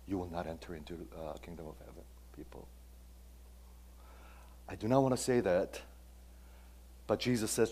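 Emphatic low-voiced male pastor preaching. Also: expressive, moderate pace, pauses often, dark tone. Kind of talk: sermon.

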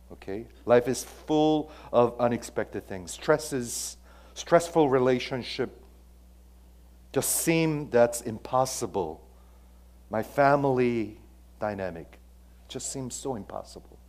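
Pastor preaching with dramatic loud-soft swings. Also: male voice, mid-range voice. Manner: animated, swings between loud emphasis and quiet asides; asks the audience questions, frequent "okay?". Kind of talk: sermon.

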